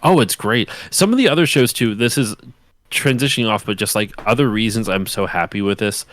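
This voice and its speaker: A man's voice: lowish voice, fairly quick, a bit bright, no room sound. A man co-hosting a livestreamed talk show, telling stories enthusiastically with lots of fillers and casual swearing. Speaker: podcast co-host. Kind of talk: casual chat.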